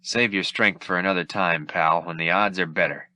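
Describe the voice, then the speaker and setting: A man's voice: low voice, fairly even intonation, moderate pace, sharp tone, dry recording. Man doing Han Solo, a cocky smuggler. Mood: grim. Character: cocky, gruff male space smuggler.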